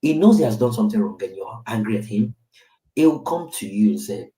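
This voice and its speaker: A man's voice: medium pitch, lively intonation, normal speed, mellow. A Nigerian man, a father in his thirties, telling his own story in candid podcast talk and often checking in with "right?". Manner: candid storytelling with tag questions. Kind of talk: reflective casual podcast talk. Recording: roomy, distant mic.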